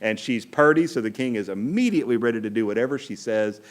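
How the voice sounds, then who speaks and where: A middle-aged priest retelling a Bible story on a podcast with wry, animated delivery. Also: male voice, medium pitch, fast talker.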